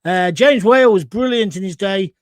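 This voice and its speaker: A man's voice: sits high, moderate pace, dry recording, clean studio sound. A middle-aged man hosting a live talk show, chatting through viewer comments and wandering into anecdotes.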